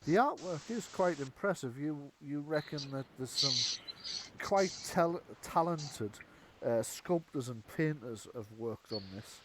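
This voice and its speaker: A man's voice: a little high, lively intonation, measured pace. A man running a tabletop game as game master, chatty and rambling, often correcting himself. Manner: chatty, rambling, lots of fillers and self-corrections. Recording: background hiss.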